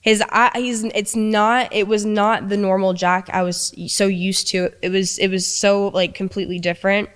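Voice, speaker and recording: Young woman retelling a scary fight, stops and restarts a lot, smooth clear voice. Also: mid-range voice, flat delivery. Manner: halting, many restarts and quoted dialogue. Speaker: interviewee recounting abuse. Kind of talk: emotional storytelling.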